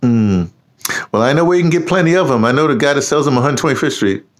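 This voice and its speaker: An American man, hosting a casual conversation, animated and laughing often as he mimics voices. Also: mid-range voice, quick pace. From United States. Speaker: host.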